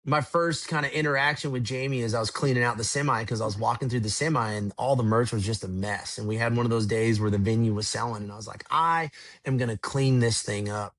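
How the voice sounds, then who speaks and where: A man's voice: mid-range voice, steady tone, fast talker, hardly any pauses, fairly bright tone, no echo. A man telling stories in a casual podcast chat, rambling and laid-back, swearing now and then. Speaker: podcast guest, tour manager. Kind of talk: casual storytelling.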